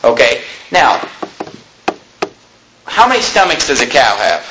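A middle-aged man preaching a sermon as a pastor, emphatic and slowing down to stress key phrases. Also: mid-range voice, huge pitch swings, background noise.

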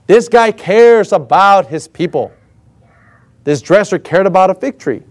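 A man's voice: high-pitched, animated, unhurried. A man preaching a sermon with energy and emphasis, firing rhetorical questions and calling for responses from the congregation.

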